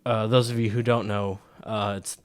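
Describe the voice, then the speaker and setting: A man's voice: fairly low pitch, little pitch movement, normal speed, clean tone, no room sound. A man co-hosting a casual movie podcast, explaining film camera work at length with many fillers and restarts. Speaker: podcast co-host.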